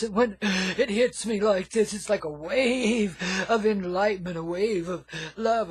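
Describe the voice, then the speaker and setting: A man hosts a radio show in a loose, rambling hippie patter, chuckling and tossing in "man" between thoughts. His voice sits high and comes out husky. The sound is dry and close. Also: moderate pace, no echo. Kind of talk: rambling comic radio monologue.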